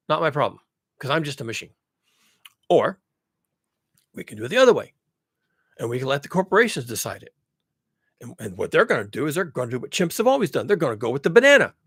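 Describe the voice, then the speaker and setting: A man's voice: on the high side, fairly bright tone, no echo, clean studio sound. A man delivering a blunt, profane ranting monologue, hammering his points with repetition. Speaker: vlogger.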